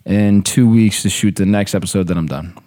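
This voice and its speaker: A man with a fairly low voice chats on a podcast, spinning loose stories from set and from home. He swears freely and slips easily into quoting people, keeping a relaxed storyteller's rhythm. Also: a little fast. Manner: relaxed, profane, animated storytelling. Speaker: actor, podcast guest. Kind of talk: casual storytelling chat.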